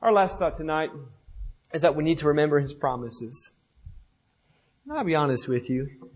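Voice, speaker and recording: A young man preaching a sermon with impassioned, rhythmic repetition, often dropping softly at the ends of phrases. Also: a little high, lively intonation, moderate pace, poor audio.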